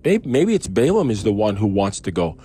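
A man's voice: fairly low pitch, big pitch swings, brisk, mellow, breathy edge, faint music behind. Musing man reading scripture aloud. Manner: musing, chatty asides, frequent restarts and chuckles. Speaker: Bible reader and commentator. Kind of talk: casual Bible reading with commentary.

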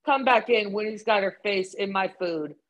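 Swearing, animated young woman chatting. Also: medium pitch, moderate pace, dull audio. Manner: animated, swears often, storytelling. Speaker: podcast co-host. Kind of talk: casual chat.

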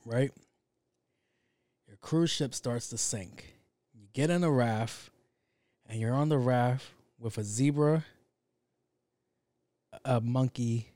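A man's voice: mid-range voice, mellow, dry recording. Rambling, profane young man. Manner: rambling, profane, goes off on tangents. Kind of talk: casual solo monologue.

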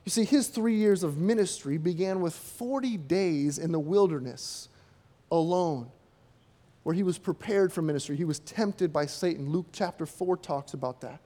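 A man's voice: a little high, normal speed, mellow. A man preaching a sermon in a conversational way, asking rhetorical questions and acting out quotes.

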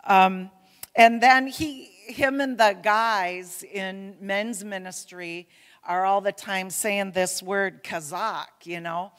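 A woman addresses her congregation in a relaxed, self-deprecating way, full of ums and asides. Her voice sits at an ordinary pitch for a woman. The sound carries a long reverb from the church hall. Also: takes it slowly, clean tone. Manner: chatty, self-deprecating, folksy with many fillers. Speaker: pastor's wife speaking at church. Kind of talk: casual church talk. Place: church sanctuary.

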